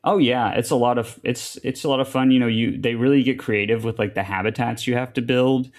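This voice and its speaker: A man's voice: mid-range voice, steady tone, fairly quick. A man chatting casually as a podcast co-host, rambling with many fillers and restarts. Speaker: podcast co-host reviewing a game.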